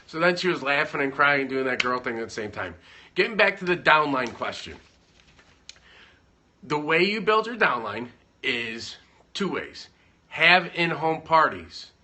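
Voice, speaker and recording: Chatty man with a bright voice. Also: a little high, lively intonation, a little slow, pauses often. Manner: rambling, self-interrupting, joking. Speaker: business owner giving advice. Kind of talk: casual livestream chat. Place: at home.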